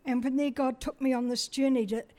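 A woman's voice: high voice, fairly even intonation, brisk, darkish tone. Chatty, self-deprecating middle-aged woman storyteller. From New Zealand. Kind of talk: personal testimony talk.

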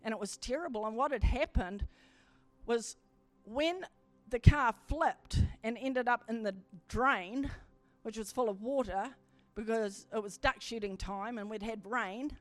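High-voiced woman preaching a testimony. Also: measured pace. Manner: animated storytelling that swells into fervent exhortation. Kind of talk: sermon testimony.

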